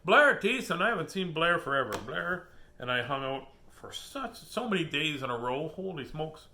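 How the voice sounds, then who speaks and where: A man's voice: a little high, sing-song, moderate pace, pushed and bright. A man hosting a casual storytime, reading children's books aloud with jokes and asides. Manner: playful, jokey, laughs at his own puns.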